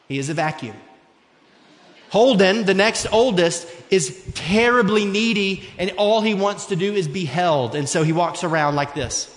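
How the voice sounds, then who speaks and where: Man preaching in an echoey hall. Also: sits high. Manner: earnest, conversational preaching with personal stories. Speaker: pastor. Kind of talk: sermon.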